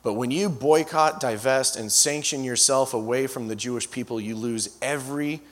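A man's voice: mid-range voice, moderate pace. Man preaching through story in a reverberant hall. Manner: storyteller with frequent restarts and asides. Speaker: guest preacher. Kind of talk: storytelling sermon. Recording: long reverb of a large hall.

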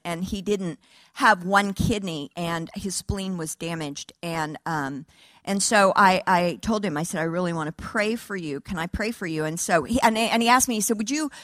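A woman preacher telling a testimony to a church audience, animated, laughing and acting out dialogue. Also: medium pitch, no echo. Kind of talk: sermon testimony storytelling.

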